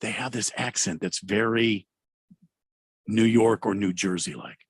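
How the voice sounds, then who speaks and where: A man's voice: on the low side, measured pace, vocal fry, breathy edge, no room sound. Guy cohosting radio, kinda rambly, dry studio sound. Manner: storytelling, rambling with restarts. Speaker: radio co-host. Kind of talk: casual radio chat.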